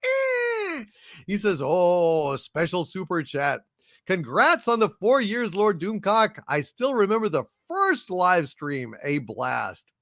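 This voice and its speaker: A man's voice: high-pitched, sing-song, measured pace, fairly bright tone, dry recording, clean studio sound. A man hosting a live stream, thanking viewers and reading out their donation messages in a grandiose, rambling way with many repeated words. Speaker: channel host.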